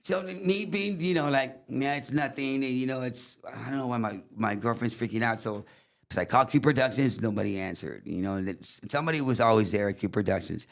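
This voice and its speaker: A man's voice: medium pitch, a little fast, gravelly. A middle-aged man with a Tejano accent, telling a painful personal story in rambling English mixed with Spanish, full of fillers. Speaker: guest recounting a story.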